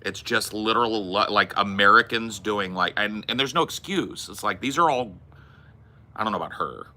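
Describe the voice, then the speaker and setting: His lowish voice moves at normal speed, sounding pushed and bright. He hosts a podcast, rambling casually with lots of cursing and no-nonsense movie takes.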